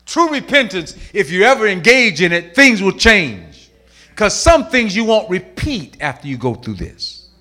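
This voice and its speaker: Male preacher, middle-aged, sermon delivery, voice leaps between shouting and near-whispers, lively pitch. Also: unhurried. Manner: swings from shouting to hushed, quoting voices.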